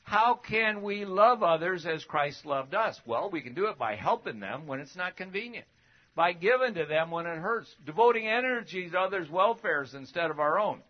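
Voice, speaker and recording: Preaching a Bible lesson at normal speed, a fairly high-voiced man keeps his sermon lively and conversational. He fires off rhetorical questions and swings between loud, emphatic bursts and quiet asides, all on a dull, lo-fi recording.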